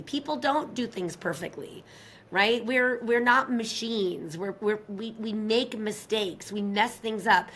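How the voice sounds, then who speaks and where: A woman's voice: medium pitch, moderate pace, a bit bright, a little hiss or hum. A woman, a relationship expert guest, talking expressively in an interview and acting out quoted lines. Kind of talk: animated interview talk.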